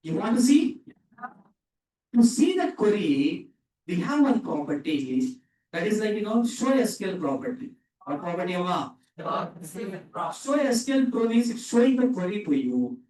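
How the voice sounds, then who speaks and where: A man's voice: sits high, very animated, a little slow, warm tone, distant mic. A man teaching programming to a class, repeating questions and having students answer back. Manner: repetitive, quizzing students with short questions. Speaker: programming instructor. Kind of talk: classroom lecture with call-and-response. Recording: echoey room, speaker off-mic.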